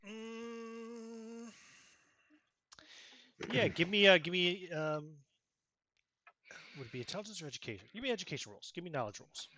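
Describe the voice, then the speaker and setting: A man's voice: sits high, expressive, normal speed, pauses often, sharp tone, a little hiss or hum. A man running a tabletop game as game master, talking with frequent fillers and self-corrections.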